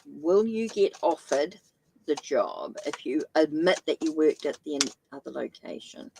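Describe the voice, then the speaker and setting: A woman's voice: low voice, lively intonation, unhurried, gravelly, background noise. A woman with a New Zealand accent giving a live-stream tarot reading, thinking aloud and correcting herself as she goes. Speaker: tarot reader.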